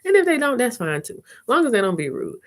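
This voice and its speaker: Frank, animated woman telling stories. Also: a little high, quick pace. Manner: animated, acts out her own quoted reactions; frank and salty, with slangy talk. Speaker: vlogger hosting a live chat. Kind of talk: casual live-stream storytelling.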